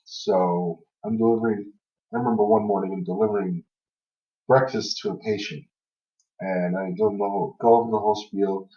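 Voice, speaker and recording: A man's voice: fairly low pitch, steady tone, moderate pace. A man chatting on a podcast, telling funny stories from an old job, laughing between lines and leaning on fillers like "you know". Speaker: podcast host. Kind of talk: casual storytelling chat. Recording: echoey room, far from mic, dull lo-fi sound.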